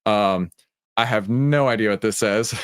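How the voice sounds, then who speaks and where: A man's voice: on the low side, measured pace, clean tone. A man with a Texan accent hosting a casual live-stream about stock trading, chatting with viewers and greeting them by name with many fillers. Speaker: livestream host of a trading room.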